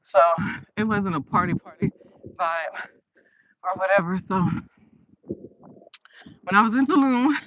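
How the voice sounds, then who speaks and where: A woman's voice: medium pitch, animated, a little slow, long pauses, a bit bright, muffled recording, slight background noise. A woman vlogging outdoors on a late-night walk, chatting casually and rambling with frequent laughs. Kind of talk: casual storytelling while walking.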